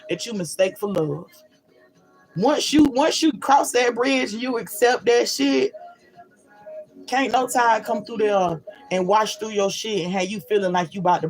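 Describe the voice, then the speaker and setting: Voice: medium pitch, gravelly, rough recording. A spiritual reader giving a blunt, profane and emphatic pep talk to viewers, often checking in with "you feel me?".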